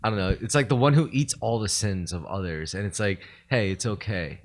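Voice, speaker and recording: A man's voice: lowish voice, lively intonation, fast. A man co-hosting a podcast in casual chat, rambling with many fillers and restarts. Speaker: podcast co-host.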